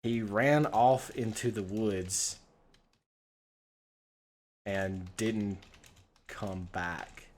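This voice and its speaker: A man's voice: lowish voice, steady tone, drawn-out words, long pauses. An American man streaming a text adventure game, giving casual, rambling commentary full of swearing and laughter. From United States. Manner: rambling, profane, laughs often.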